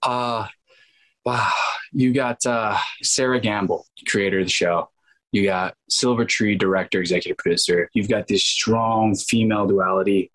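Man, interview guest, husky voice, fairly low, animated storyteller, acts out quotes. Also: rough recording. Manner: rambling with restarts and fillers. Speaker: guest actor.

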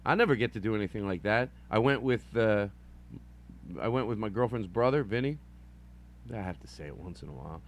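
A middle-aged male podcast host with a lively, bouncing voice that swings up and down. He rambles, makes fun of himself and drops into silly voices. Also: lowish voice, fairly quick, a little hiss or hum. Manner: meandering, self-mocking, playful silly voices. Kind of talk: rambling improvised solo podcast.

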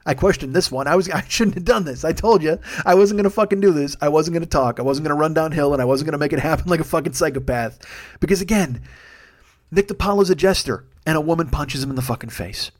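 A man in his forties, a comedian hosting his own show, ranting at length with constant swearing and sudden bursts of intensity. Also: fairly high pitch. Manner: profane, fast ranting with bursts of raised intensity. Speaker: comedian podcast host. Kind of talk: solo comedic rant.

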